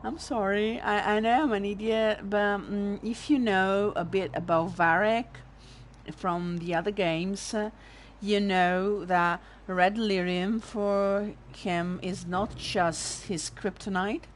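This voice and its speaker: A woman's voice: medium pitch, steady tone, takes it slowly, a little hiss or hum. Emotional Italian woman commenting on a game. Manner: emotional, rambling, swearing. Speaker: let's play host. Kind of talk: casual gameplay commentary.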